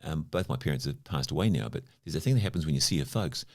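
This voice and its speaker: A man's voice: very deep voice, animated, quick pace, creaky, a little mellow. A man in his fifties from New Zealand, a podcast guest telling stories in a chatty, casual way, full of "you know" asides. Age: 50s. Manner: chatty anecdotal, lots of "you know" fillers. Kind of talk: casual conversational storytelling.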